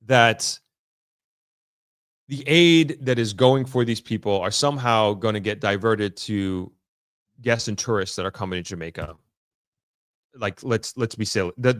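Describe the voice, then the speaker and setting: This vlogger's on-the-ground update is casual and unscripted, delivered from the area in question as he stops and restarts, carefully picking words. He has a fairly low, fairly bright voice, recorded at studio quality with no echo.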